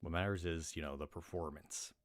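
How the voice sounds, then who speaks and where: A man with an American accent and a low voice chats casually to his livestream. He rambles, doubles back and fills gaps with "uh" and "like" as he speaks. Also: steady tone, fairly quick. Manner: rambling, with many restarts and fillers. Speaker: livestream reader.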